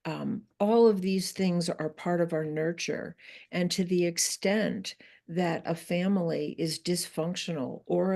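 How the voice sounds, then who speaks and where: A woman's voice: on the low side, gravelly, warm tone. A woman therapist and author as an interview guest, explaining her ideas in a thoughtful way.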